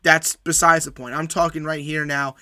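A man's voice: fairly high pitch, flat delivery, moderate pace, pushed and bright, no room sound, studio quality. A man hosting a solo sports podcast, recapping match results and making emphatic, opinionated predictions that he repeats for weight.

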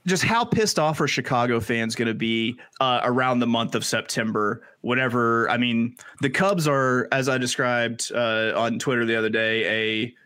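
A man co-hosting a sports gambling podcast talks in an animated, stop-start way and swears for emphasis. His voice sits at a middle pitch. The recording is dry with no room sound. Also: normal speed, few pauses, clear, resonant tone, dry recording. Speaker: podcast co-host. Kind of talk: casual sports chat.

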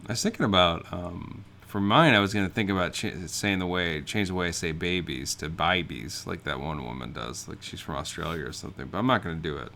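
Low-pitched and gravelly, a man co-hosting a podcast talks quickly with few pauses and a sharp tone. He tells meandering, absurd stories laced with fillers in easygoing comedic banter, over a little hiss or hum.

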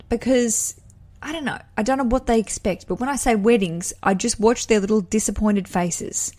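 A woman's voice: fairly high pitch, fairly quick, a little mellow. A woman hosting her own podcast, talking in a chatty, self-deprecating way as she chats casually to her listeners. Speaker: podcast host. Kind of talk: casual solo podcast chat.

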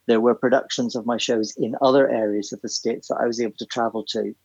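Male guest, gravelly husky voice, rambling anecdotal delivery, dry close sound. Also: medium pitch, steady tone, fast talker, darkish tone, dry recording, muffled recording. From Ireland. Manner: chatty, anecdotal, many restarts and ums. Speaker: guest, theatre writer and composer. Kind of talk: casual podcast interview.

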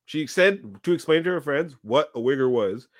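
Animated storyteller guy, 30s, kinda high voice, bouncing all over, laughs a lot, dry close mic. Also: normal speed, no room sound. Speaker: podcast host. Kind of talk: casual storytelling chat.

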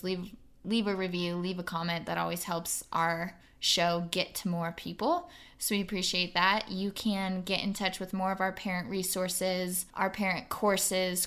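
A woman's voice: on the low side, fairly bright tone. A woman hosting a podcast, talking in an earnest, encouraging way and laughing easily. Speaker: podcast host. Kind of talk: casual podcast conversation.

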